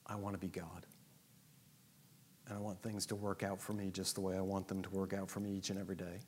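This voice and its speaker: A preacher putting on a humble penitent who answers God softly and contritely, his low, hushed voice carried on a long hall reverb. He sounds quiet and small. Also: little pitch movement, brisk, slight background noise, close to an everyday voice. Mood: subdued.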